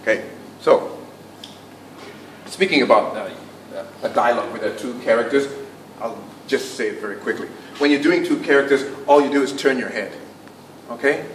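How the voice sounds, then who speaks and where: A man teaching public speaking to a club audience, projecting his voice without a microphone and dropping very soft for emphasis. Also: mid-range voice, moderate pace, long pauses. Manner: projects to a room without a mic, drops to near-whisper for emphasis. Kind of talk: speech workshop talk. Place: meeting room before a club audience. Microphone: no microphone, recorded from a distance. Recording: roomy, distant, faint room noise.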